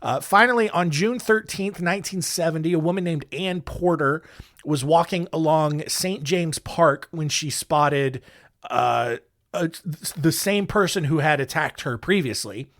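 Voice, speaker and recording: A man's voice: fairly high pitch, unhurried. A man hosting a podcast, telling history stories in a casual, jokey way with plenty of filler words. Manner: jokey, animated, lots of fillers. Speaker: podcast host.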